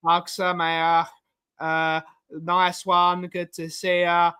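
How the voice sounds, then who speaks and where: A man's voice: high-pitched, completely flat delivery, slow pace, pushed and bright, clean tone. A man from Wales co-hosting a fan livestream, chatting casually and greeting viewers in the chat.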